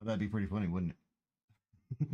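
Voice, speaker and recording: A man's voice: lowish voice, moderate pace, no room sound, highs cut off. A man streaming his game development, chatting casually in a rambling, profane, exasperated way. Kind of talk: casual livestream chat.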